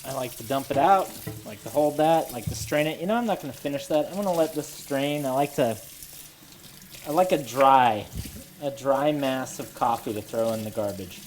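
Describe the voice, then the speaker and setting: Very low-voiced woman, wry and rambling. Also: slight background noise. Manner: wry, self-deprecating, deadpan asides; nervous, halting restarts. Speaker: cooking show host. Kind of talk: rambling casual monologue while cooking. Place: home kitchen. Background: running water and sizzling pan.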